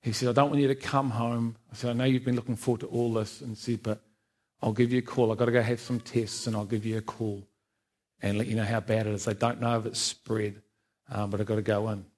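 A man's voice: on the low side, level tone, a little fast, a little mellow. A man giving a personal church testimony, frank and self-mocking, often laughing at himself. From England. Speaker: testimony speaker.

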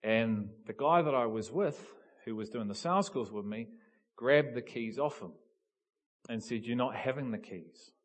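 A man from New preaches with a mid-pitched voice. He tells stories with animated energy and pushes to loud, emphatic peaks. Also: measured pace. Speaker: pastor. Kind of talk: sermon.

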